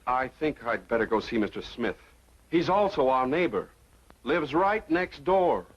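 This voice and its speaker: A prim flustered young husband. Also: male voice, medium pitch, very animated, unhurried, slightly rough. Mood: stiff. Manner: prim, stammering. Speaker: stuffy son-in-law. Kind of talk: 1940s film acting. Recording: muffled old film soundtrack with hiss.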